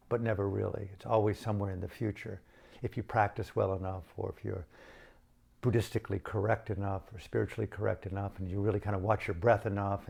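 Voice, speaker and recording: A man's voice: on the low side, creaky, darkish tone. A man from the United States telling a personal story in a reflective, self-mocking way with shifting emphasis. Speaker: storyteller and author.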